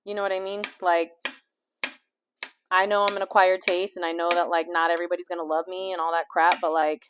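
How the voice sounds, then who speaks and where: A woman's voice: lowish voice, flat delivery, brisk, background noise. Rambling woman chatting while cooking. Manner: rambling, full of fillers and swearing. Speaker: vlogger and life coach. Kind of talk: candid casual chat while cooking. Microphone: small clip-on mic.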